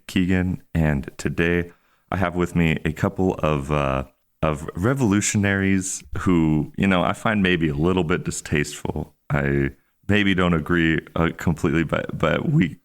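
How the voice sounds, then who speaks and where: A man's voice: sits low, moderate pace, clean tone. A man hosting a podcast in casual chat, joking and hesitant, with many fillers and restarts. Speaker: podcast host.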